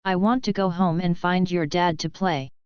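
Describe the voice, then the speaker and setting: A woman voicing a fierce young wife, scolding and sharp-tongued, on a dull lo-fi recording. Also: fairly low pitch, steady tone, moderate pace, smooth, no room sound, natural voice. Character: fierce young woman protecting her husband. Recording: dull lo-fi dry audio.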